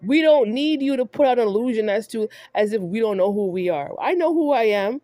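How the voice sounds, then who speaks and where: A woman's voice: a little high, lively intonation, brisk, mellow, no echo. A woman vlogger delivering a heated monologue, scolding someone directly and repeating herself for emphasis.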